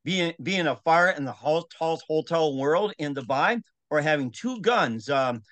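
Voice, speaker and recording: Give a male podcast host a slightly high voice and a dry, close sound. He asks loose questions padded with fillers and also reads plugs for the show. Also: expressive, normal speed, a bit bright, no room sound. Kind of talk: podcast interview and promo read.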